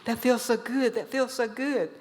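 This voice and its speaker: Lady putting on a high squeaky little chipmunk brother, begging and squealing, big hall echo. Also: fairly even intonation, normal speed, darkish tone, close to an everyday voice. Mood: pleading. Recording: long hall reverb.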